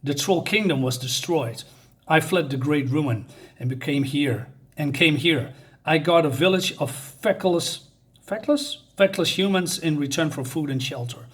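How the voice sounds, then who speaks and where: A man voicing an ancient, weary troll guardian in armor, reading the lines plainly with halting restarts. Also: fairly high pitch, a bit bright.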